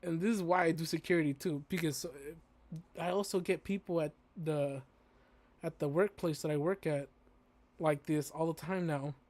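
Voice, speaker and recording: A man's voice: a little high, steady tone, normal speed, darkish tone. A man streaming a game, chatting casually and telling stories in slangy speech. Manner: slangy, storytelling, says "bro" and "dude". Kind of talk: casual chat while playing a game.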